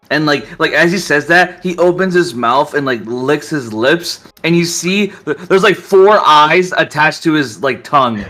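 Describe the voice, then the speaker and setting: A man's voice: fairly high pitch, expressive, measured pace, few pauses, bright, forceful tone. A man narrating as game master in casual, filler-heavy speech.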